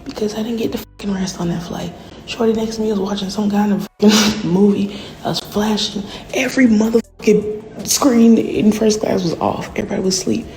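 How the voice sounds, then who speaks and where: A woman in a candid, rambling, profane monologue, often dropping to a hushed whisper. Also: medium pitch, steady tone, brisk. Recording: noisy background.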